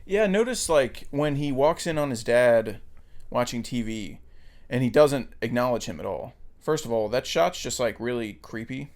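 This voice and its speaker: A man co-hosting a podcast, chatting casually about a film in a thoughtful, hesitant way with frequent pauses. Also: mid-range voice, expressive, a little mellow. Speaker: podcast co-host.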